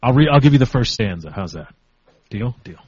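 A man's voice: medium pitch, animated, brisk, a little mellow, husky, dry recording, dull audio. A man in his twenties co-hosting a podcast, chatting casually, hesitant and self-deprecating. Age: 20s. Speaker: podcast co-host. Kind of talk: casual chat.

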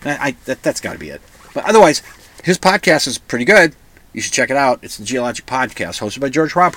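Animated pedantic man hosting a podcast. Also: medium pitch, fast. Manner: rambling, pedantic, restarts and self-corrections. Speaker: podcast host. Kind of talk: solo podcast monologue.

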